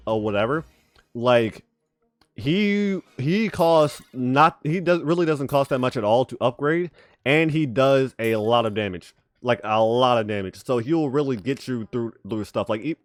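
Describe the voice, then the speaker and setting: A man giving casual, rambling gameplay commentary, swearing freely and saying bro a lot, his speech a bit spitty from a retainer. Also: mid-range voice. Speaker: gaming YouTuber.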